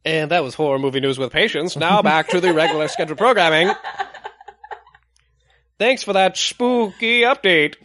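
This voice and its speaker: A man's voice: a little high, normal speed, pauses often, a bit bright, voice pushed up, lightly acted. A man putting on an old-fashioned transatlantic announcer voice, with a mock-formal announcer delivery. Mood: grandiose.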